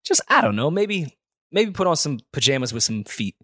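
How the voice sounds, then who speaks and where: A man's voice: fairly high pitch, sing-song, moderate pace, bright, forceful tone, no echo, studio quality. A man co-hosting a podcast, chatting casually and dryly while reacting to a music video. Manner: laid-back, wry commentary. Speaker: podcast co-host.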